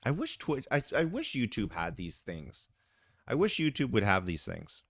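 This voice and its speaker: A man's voice: medium pitch, huge pitch swings, normal speed, no room sound, clean studio sound. A man live-streaming from his phone in a casual, chatty way, talking to the viewers in the chat. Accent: Canadian English.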